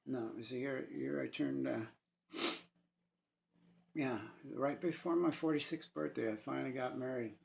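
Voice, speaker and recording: A man in his fifties sharing an emotional personal testimony, earnest and halting, with pauses and restarts, at times moved to tears. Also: mid-range voice, vocal fry, a little mellow. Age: 50s.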